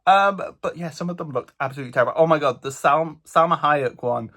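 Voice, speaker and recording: A man from England with a British accent, recapping his solo trip in a chatty, animated vlog with a slightly stuffy nose. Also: a little high, a little fast. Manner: chatty, animated storytelling with lots of "like". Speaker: vlogger. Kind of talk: casual travel vlog recap.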